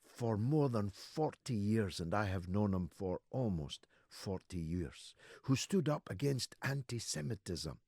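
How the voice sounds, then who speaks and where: Gravelly orator in his sixties. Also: animated, no room sound, studio quality. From Scotland. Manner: oratorical, swings between low murmurs and loud rising declamations; rhetorical repetition, drawn-out emphatic words. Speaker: radio talk show host. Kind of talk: impassioned political monologue.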